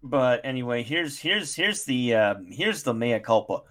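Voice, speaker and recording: A man co-hosting a podcast, talking in a wry, halting way and often restarting his sentences. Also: mid-range voice, animated, a bit bright. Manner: wry, halting, stumbles over words. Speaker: podcast co-host. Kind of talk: casual chat, reading aloud.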